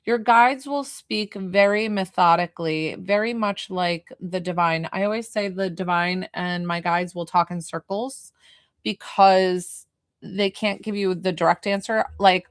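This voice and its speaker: A woman who works as a medium, chatting casually on a livestream and answering her viewers' questions in a lively way. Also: mid-range voice, measured pace, dry recording, studio quality. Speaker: medium doing live readings.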